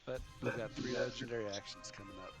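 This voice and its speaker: A man's voice: mid-range voice, fairly even intonation, quick pace. Man running a tabletop game. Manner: counts out attacks and dice rolls plainly. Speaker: dungeon master. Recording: music playing behind. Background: background music.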